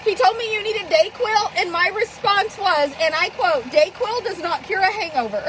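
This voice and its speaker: High, lively woman vlogger telling stories. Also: moderate pace, a loud crowd, poor audio. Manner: swears freely, laughs often, animated storyteller. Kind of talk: casual live-video chat.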